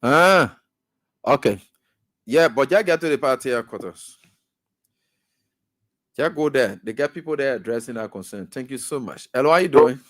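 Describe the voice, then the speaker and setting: A man's voice: medium pitch, expressive, normal speed, long pauses, a bit bright, dry recording, studio quality. A man with a Liberian English accent hosting a call-in radio show, who laughs often and teases callers. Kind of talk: casual call-in radio talk. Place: radio studio.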